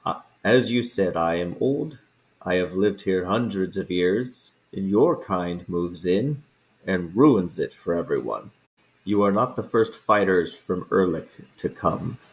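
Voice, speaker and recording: A man's voice: low voice, lively intonation. A man putting on an old, scornful male dragon. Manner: slow, grave, disdainful. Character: ancient proud resentful male dragon.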